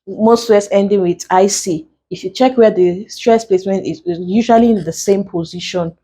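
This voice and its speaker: Her mid-range voice is dark and slightly rough as this Nigerian-accented English tutor leads an exam-prep lesson. She goes through the rules one step at a time, at a slow, deliberate pace, spelling letters out.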